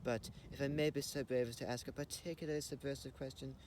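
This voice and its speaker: A man plays a stiff, formal assistant in a homemade comedy short, speaking at an ordinary middle pitch. His words are hesitant and full of polite stammers, and a faint hiss sits underneath. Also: fairly even intonation, quick pace, darkish tone, close to an everyday voice. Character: prim formal male assistant, easily exasperated.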